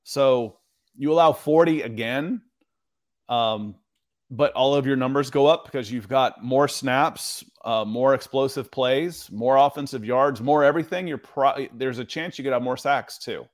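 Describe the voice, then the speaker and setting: A man co-hosting a casual sports podcast, talking in a relaxed, chatty way with lots of fillers. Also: mid-range voice, a little slow. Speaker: podcast co-host.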